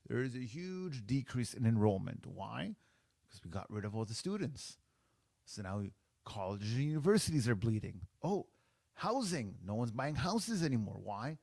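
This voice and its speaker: A Canadian podcast host in his forties delivers an opinionated monologue, speaking straight to his listeners and emphatically repeating his points. His mid-range voice is creaky and a little mellow, recorded with no echo.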